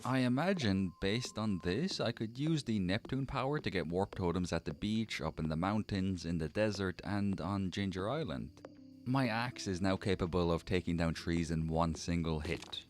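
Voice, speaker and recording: A young man narrating his gameplay in a deadpan, mock-formal comic way. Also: sits low, normal speed. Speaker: gaming channel narrator. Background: faint game background music.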